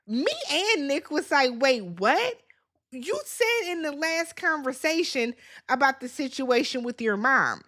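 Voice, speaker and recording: Sassy high-voiced woman recapping TV. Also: expressive, unhurried, bright, forceful tone. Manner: sassy, blunt commentary with acted-out quotes. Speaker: recap host. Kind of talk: casual reality TV recap.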